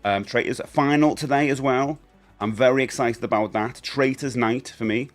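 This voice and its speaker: A man's voice: medium pitch, normal speed, soft background music. A man hosting a live stream in casual chat, rambling and greeting viewers as he goes. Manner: chatty, rambling, greets viewers, stumbles and repeats.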